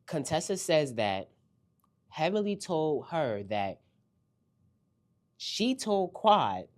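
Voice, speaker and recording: A man hosting a casual reality TV recap, animated and slangy, talking straight to his viewers. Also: on the high side, slow pace.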